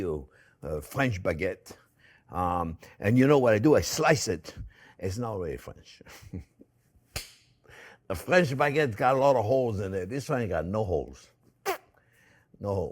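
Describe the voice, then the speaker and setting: Lively, chatty middle-aged chef. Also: male voice, on the low side. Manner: talkative, jokey, addresses viewers as friends. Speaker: chef and cooking show host. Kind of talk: chatty cooking demonstration.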